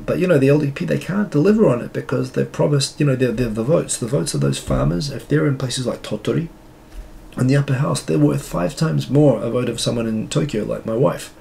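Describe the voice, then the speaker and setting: A man's voice: mid-range voice, creaky, dark tone, slight background noise. A man from New Zealand hosting a live stream, ranting casually in a rambling, sarcastic, exasperated way.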